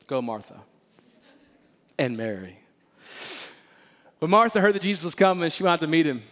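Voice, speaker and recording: Male pastor with a fairly high voice, preaching in church. Animated and emphatic, acts out scripture characters. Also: moderate pace, background noise. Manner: animated and playful, acting out Bible figures; repeats phrases, emphatic delivery. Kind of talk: sermon. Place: church sanctuary.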